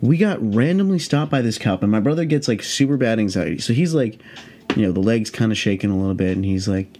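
A man in his late twenties with a fairly low voice tells a story on his podcast. His telling is loose and rambling, full of swearing and lively asides. It sounds like an unscripted, off-the-cuff chat. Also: quick pace. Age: late 20s. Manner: rambling, profane, animated. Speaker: podcast host. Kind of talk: casual storytelling.

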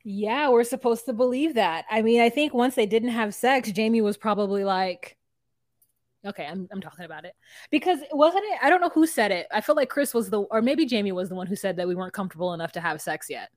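A woman co-hosting a casual podcast about a reality TV show, animated and swearing, often acting out what people said. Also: fairly high pitch, fast talker, few pauses, no echo, studio quality. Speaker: podcast co-host. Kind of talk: casual reality TV recap chat.

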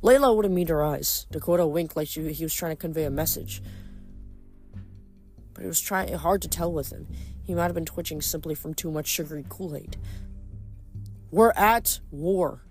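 A woman reading a novel aloud and adding rambling, expressive commentary between chapters. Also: sits low, a little fast, soft background music. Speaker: audiobook reader.

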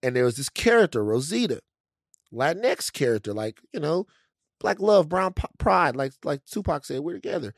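Blunt, animated man co-host, dry sound. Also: fairly high pitch, moderate pace, no echo. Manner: animated, blunt, reads statements aloud. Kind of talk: casual chat.

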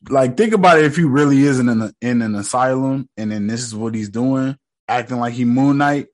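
A man's voice: mid-range voice, normal speed, pauses often. A man casually recapping a TV episode in slangy, joking talk, mockingly quoting the characters. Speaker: show recap host.

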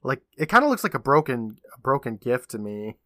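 A man with a bright, forceful voice, recapping an episode for his podcast co-host. He talks casually and animatedly and laughs a lot. The sound is close and dry, with no room around it. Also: medium pitch, a little fast, no room sound. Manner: animated retelling, laughing often.

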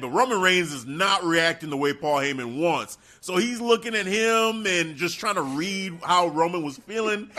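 A man's voice: a little high, moderate pace, hardly any pauses. A man co-hosting a casual chat, recapping a show and acting out the people in it. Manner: animated, acts out quotes, laughs often. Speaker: podcast co-host.

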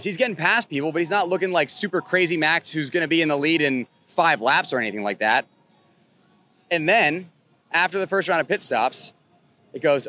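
A young man excitedly recapping a race as a vlog host, filmed outdoors at a racetrack. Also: a little high, a little fast. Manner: excitable, animated fan talk.

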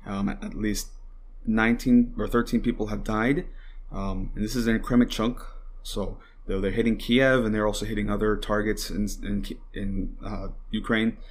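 A young man hosting a podcast, ranting with heavy swearing and constant fillers, at times mocking his opponents. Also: fairly low pitch. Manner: heated and rambling, swears often, many fillers; mocks opponents in put-on voices. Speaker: podcast host. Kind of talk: casual political commentary.

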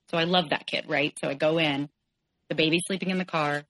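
A woman in her forties speaks in a low voice. She retells a hard stretch of her life with candor, quoting the people involved. She talks as a podcast guest. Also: normal speed, a bit bright, no room sound, poor audio. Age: 40s. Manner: candid, tense retelling, quotes others in shifting voices. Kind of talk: personal story in an interview.

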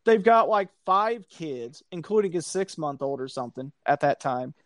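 A man, casually telling a long story on a podcast, animated and profane, acting out the people he quotes. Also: a little high, moderate pace, no room sound, clean studio sound.

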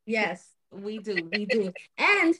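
A woman's voice: medium pitch, big pitch swings, slow pace, sharp tone. A woman hosting a podcast, introducing guests in an upbeat, teasing way. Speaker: podcast host. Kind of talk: casual hosting chat.

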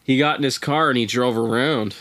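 A man's voice: mid-range voice, brisk, fairly bright tone, dry recording. A man who is a podcast guest, telling a strange story in laid-back, casual chat with profane, wry asides.

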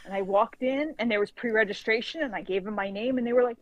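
A woman telling a casual story as a guest, lively and acting out the dialogue, leaning on "like" as a filler. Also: on the high side, fast talker, rough recording. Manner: lively storyteller who acts out quoted dialogue; frequent filler "like". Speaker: guest author.

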